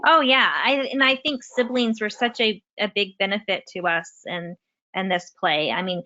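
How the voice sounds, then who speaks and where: A woman speaking as a parent guest in a relaxed interview, talking chattily with frequent restarts and "you know" over a video call. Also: mid-range voice, normal speed. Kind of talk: casual interview conversation. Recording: slightly muffled lo-fi audio.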